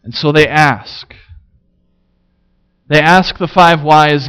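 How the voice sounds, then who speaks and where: Slow, measured male preacher. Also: a little high, fairly bright tone, smooth. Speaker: pastor. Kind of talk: sermon. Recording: slightly dull lo-fi sound.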